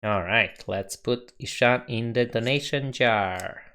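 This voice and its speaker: A man chatting casually on a live coding stream, reading viewer comments aloud with a relaxed manner and frequent chuckles. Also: mid-range voice, takes it slowly, clean tone. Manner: relaxed, chuckles often, reads chat aloud.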